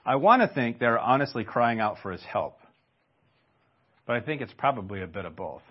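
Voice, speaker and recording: A man's voice: on the low side, lively intonation, normal speed. Guy preaching a sermon, talks it through casual-like with lots of asides, a bit dull lo-fi sound. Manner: conversational preaching with rhetorical asides. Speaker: pastor.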